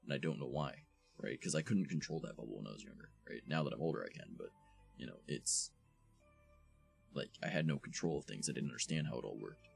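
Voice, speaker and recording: A man's voice: rumbling low, animated, brisk, vocal fry, husky, soft background music. A young man hosting a live stream, rambling casually, swearing and thanking new followers as he talks. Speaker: streamer host.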